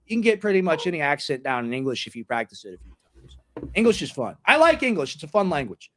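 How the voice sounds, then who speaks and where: Animated young American podcast host. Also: male voice, on the high side. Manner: animated, mocking, quick asides. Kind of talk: casual podcast chat.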